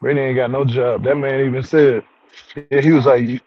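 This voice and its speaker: A man hosting a relaxed review chat, slangy and easygoing, with a mid-range voice. He chuckles often as he talks. The recording sounds a little dull, with faint noise behind. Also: medium pitch, moderate pace. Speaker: show review host. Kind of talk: casual chat.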